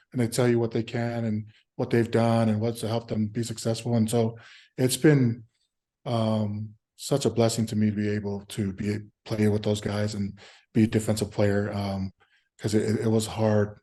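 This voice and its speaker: A man in his thirties, a former pro football player, answering interview questions in a halting, easygoing way with frequent filler sounds and restarts. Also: lowish voice, level tone, warm tone. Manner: easygoing, acts out remembered exchanges.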